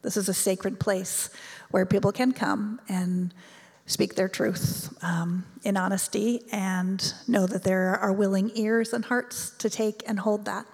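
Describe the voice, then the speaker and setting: A woman preaching a sermon and reading scripture in an earnest, measured way. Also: medium pitch, fairly even intonation, gravelly, a little mellow, in a large hall.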